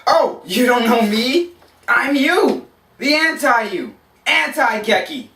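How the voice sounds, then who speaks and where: Man doing a brash, shouting evil twin of himself, bright, roomy. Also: very high-pitched, sing-song, takes it slowly, far from the mic, pitched above the performer's own voice, exaggerated voice. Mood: boastful. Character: rude loud male evil alter ego of the host.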